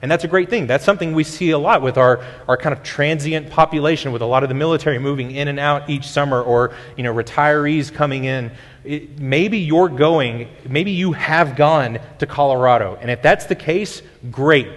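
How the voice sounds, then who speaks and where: A male pastor with a higher-pitched voice preaches at normal speed, teaching in a conversational way and frequently restarting sentences. The church sanctuary gives the recording a long hall reverb.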